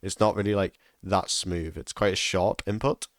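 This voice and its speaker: A man's voice: deep voice, fairly even intonation, normal speed, no room sound, clean studio sound. A man giving casual instructional commentary over a sim racing lap, repeating key tips for emphasis.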